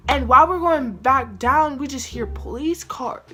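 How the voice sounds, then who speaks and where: A woman telling a personal story in casual story-time style, animated and full of "like" fillers, acting out the people in it with big jumps in pitch. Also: moderate pace, faint music behind.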